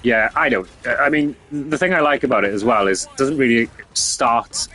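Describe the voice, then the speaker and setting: A man's voice: medium pitch, normal speed, pushed and bright, husky. A young man streaming a game, chatting casually with lots of fillers and swearing. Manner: rambling, sweary, filler-heavy. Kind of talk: casual chat.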